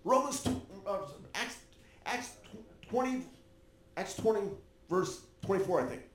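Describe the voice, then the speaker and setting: A man preaching a sermon, animated and joking with the congregation. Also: high voice, a little slow, echoey room. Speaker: pastor.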